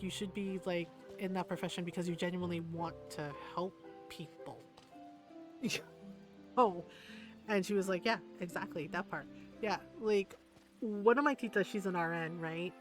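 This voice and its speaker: Chatty woman streamer telling a story. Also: fairly low pitch. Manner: chatty, retells stories with lots of quoted back-and-forth and tag questions. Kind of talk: casual storytelling chat while gaming. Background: faint background music.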